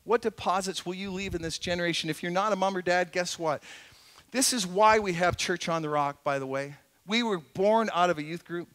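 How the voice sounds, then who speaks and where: A middle-aged man preaching as a pastor in a church, earnest and conversational, swinging between emphatic points and quiet asides. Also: high-pitched, fairly quick. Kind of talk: sermon. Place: church sanctuary.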